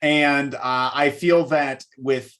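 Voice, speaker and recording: A man's voice: medium pitch, steady tone, fairly bright tone. A man hosting a casual wrestling talk show who rambles and reads out viewer comments. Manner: rambling, many fillers, drawn-out. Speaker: podcast host reading viewer comments. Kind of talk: casual chat.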